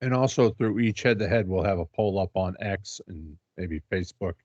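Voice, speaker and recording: A man's voice: low voice, moderate pace, darkish tone, no room sound, muffled recording. A man co-hosting a podcast in casual, profane, joking chat. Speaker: podcast co-host.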